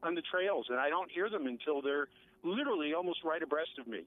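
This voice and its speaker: A man calls in to a radio show, rambling on with plenty of fillers. His voice sits fairly high. It comes through a tinny, narrow phone line. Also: lively intonation, fairly quick, dry recording. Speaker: caller. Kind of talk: phone-in chat.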